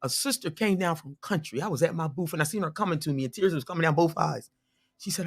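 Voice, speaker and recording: A woman's voice: low-pitched, quick pace, husky. A woman in her fifties speaking as a radio guest, giving earnest, emphatic testimony and repeating her key points for emphasis. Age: 50s. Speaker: radio show guest, abuse survivor and healer. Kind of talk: earnest personal testimony and advice. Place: radio studio.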